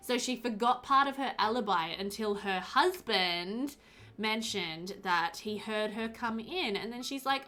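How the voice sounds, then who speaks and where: A woman's voice: mid-range voice, expressive, a little slow, sharp tone, faint music behind. A woman streaming a game, chatting casually and giggling with her viewers. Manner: giggly, chatty, talks to chat.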